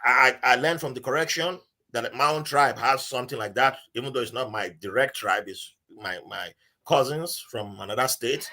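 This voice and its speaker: A Nigerian-accented man guests on a podcast, spinning a story in relaxed conversation and performing the voices of everyone he quotes. His voice sits at a medium pitch and moves at a moderate pace, and he tells the tale with real animation.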